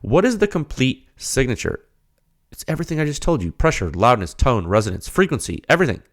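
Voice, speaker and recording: A male podcast host of mid-range pitch fires off rhetorical questions in an animated rant on his technical show. After that outburst, he calms into a data explanation.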